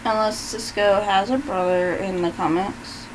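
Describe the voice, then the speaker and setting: A woman's voice: medium pitch, fairly even intonation, measured pace, background noise. A woman co-hosting a casual TV episode review, mostly giving short agreeing replies and making playful jokes. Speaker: podcast co-host.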